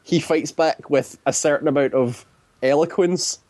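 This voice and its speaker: A man chatting casually, retelling a story at length and often slipping into quick acted-out quotes. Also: fairly high pitch, darkish tone, dry recording. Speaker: guest describing a video game. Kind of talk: casual chat.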